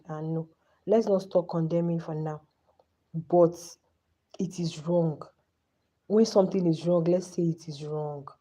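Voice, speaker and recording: A woman's voice: on the low side, mellow, low-quality recording. A woman in her thirties with a Nigerian accent, hosting a live stream and giving passionate, pleading commentary. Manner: impassioned, pleading.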